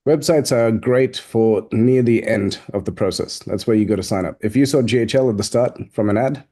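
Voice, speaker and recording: A man's voice: on the low side, moderate pace. A man hosting a business Q&A video call, talking casually and acting out the people in his stories. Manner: animated storyteller, acts out quoted people. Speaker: host and business coach.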